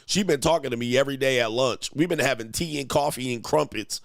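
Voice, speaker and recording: Guy doing a gossipy old neighbor lady, low gravelly voice. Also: fast, no echo, clean studio sound, natural voice. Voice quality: gossipy, nosy.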